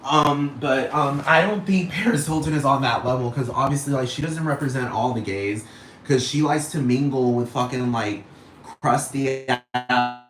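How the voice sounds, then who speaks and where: A man's voice: mid-range voice, moderate pace, a bit bright, a little hiss or hum. A man hosting a solo podcast, rambling and cursing in a casual rant, constantly asking whether the listener gets what he means. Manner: rambling, profane, keeps asking "you know what I'm talking about". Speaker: podcast host. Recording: echoey outdoor recording with crickets.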